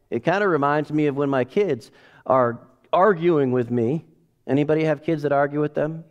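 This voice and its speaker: A middle-aged man preaching as a pastor, emphatic, swinging from quiet asides to loud bursts and leading the congregation in call-and-response. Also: on the high side, moderate pace. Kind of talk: sermon.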